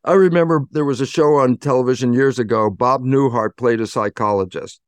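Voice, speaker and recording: A man talks as an interview guest, a cellular biologist telling a personal anecdote. He is animated and acts out the voices in his head. His voice sits at an average pitch, and the recording is dry with no room echo. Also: a little fast, smooth. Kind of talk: conversational storytelling.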